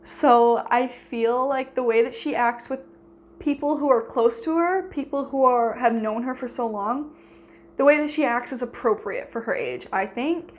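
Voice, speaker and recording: A woman's voice: a little high, lively intonation, normal speed. A seventeen-year-old girl chatting casually in a reading vlog, rambling with lots of fillers and restarts. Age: teens. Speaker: book vlogger.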